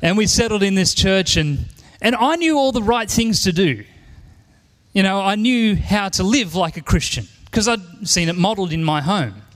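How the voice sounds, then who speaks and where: Earnest high-voiced Australian preacher man. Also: animated, normal speed, fairly bright tone, long reverb tail. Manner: earnest, emphatic, repeats key lines. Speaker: pastor. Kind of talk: sermon. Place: church.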